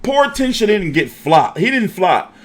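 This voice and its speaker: A man hosting a casual boxing show, talking in an animated, profane, jokey way. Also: sits high, unhurried.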